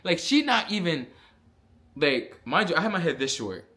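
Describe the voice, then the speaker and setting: A young man, telling a casual storytime vlog with lots of fillers and animated asides. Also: fairly high pitch, normal speed. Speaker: vlogger.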